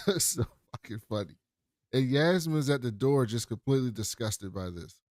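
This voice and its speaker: In a mid-range, slightly mellow voice at a moderate pace, a podcast co-host recaps TV scenes casually and profanely, laughing and acting out the quotes. The studio-quality audio has no room sound.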